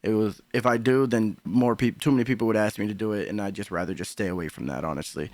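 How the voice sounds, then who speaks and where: A man with a deep, smooth voice hosting a casual live-stream commentary, rambling and swearing freely. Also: fast, a little mellow, dry recording. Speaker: livestream commentary host.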